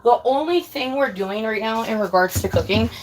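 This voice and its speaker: A woman's voice: a little high, animated, moderate pace, noisy background. A young woman in her twenties chatting casually to her viewers in a blunt, heavily profane, emphatic way, often calling them girl. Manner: emphatic, ranting. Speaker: livestreamer.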